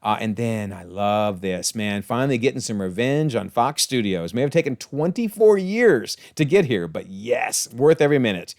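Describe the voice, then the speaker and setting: A man's voice: medium pitch, big pitch swings, moderate pace, hardly any pauses, darkish tone, no echo, studio quality. A man giving a casual, enthusiastic episode breakdown, chatty with frequent exclamations and chuckles. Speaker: TV episode reviewer.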